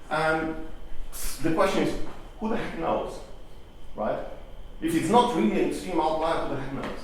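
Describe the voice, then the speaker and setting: A man giving a conversational conference talk, often asking the audience rhetorical questions and restarting his phrases. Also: fairly high pitch. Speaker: conference speaker. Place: conference hall. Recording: echoey hall, distant mic, faint noise.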